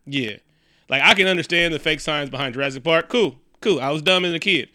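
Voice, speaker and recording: A man's voice: fairly high pitch, fairly quick, no echo, studio quality. A man casually recapping a movie, joking and swearing freely as he tells the story. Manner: profane, joking, animated storytelling.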